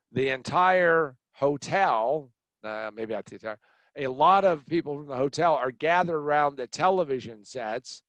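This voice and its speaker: Blunt, animated male storyteller. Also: a little high, no echo. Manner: animated, blunt, acts out other people's lines. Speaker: podcast host telling a personal story. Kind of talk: storytelling monologue.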